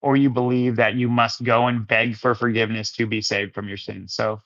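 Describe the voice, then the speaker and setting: A man hosts a casual Christian livestream chat, answering viewer comments in a rambling, easygoing way and calling his listeners friends and brothers. His voice is mid-range and fairly bright, with a level tone and moderate pace. The recording sounds dull and lo-fi.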